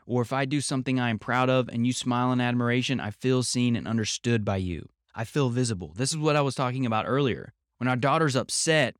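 Calm man explaining, dry close sound. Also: medium pitch, no echo. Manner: calm, reflective, measured. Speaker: podcast host. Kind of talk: explanatory podcast talk. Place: home.

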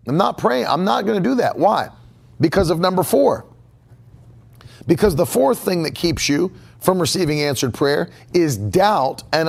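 Emphatic gravelly-voiced male preacher. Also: sits high. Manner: emphatic, repeats key phrases. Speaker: pastor. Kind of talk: sermon. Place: church sanctuary.

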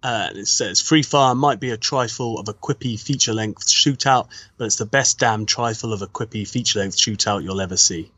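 A man's voice: lowish voice, a little fast, hardly any pauses, sharp tone, slightly rough, dry recording. A man co-hosting a casual film podcast, reading reviews aloud in an easygoing, hesitant way.

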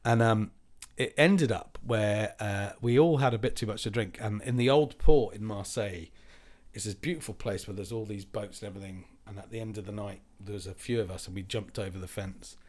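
Male podcast co-host, lowish voice, animated anecdote teller who acts out quotes. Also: fairly quick. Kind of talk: casual chat, storytelling.

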